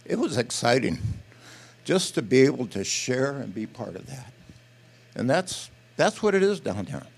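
An older man shares a testimony from the pulpit in a folksy, animated way. He acts out the people in his story as he goes. His voice sits at an ordinary middle pitch. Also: normal speed, creaky, husky. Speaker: pastor or missionary speaker. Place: church platform.

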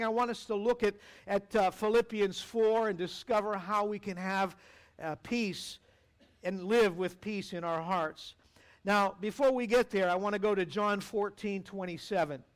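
A man preaching a sermon as pastor, earnest and conversational, with rhetorical asides to the congregation. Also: high voice.

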